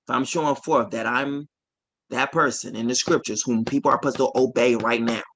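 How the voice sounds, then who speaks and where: A man in his forties preaching on a livestream, swinging between quiet asides and loud emphatic declarations with a repetitive, insistent cadence. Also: medium pitch, fairly even intonation, fairly quick, breathy edge. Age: 40s.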